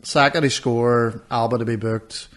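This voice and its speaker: A man's voice: mid-range voice, fairly even intonation, measured pace, fairly bright tone. A man, telling stories in a casual podcast chat and swearing freely. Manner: swears a lot, storytelling. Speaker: podcast co-host.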